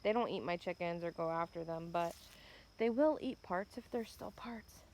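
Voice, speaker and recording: A farm vlogger walks and talks outdoors by her chicken pen near the woods, filming on a handheld phone. She's angry and upset, swearing and repeatedly saying "bam." Her voice is lowish and a little mellow at a moderate pace, with slight background noise.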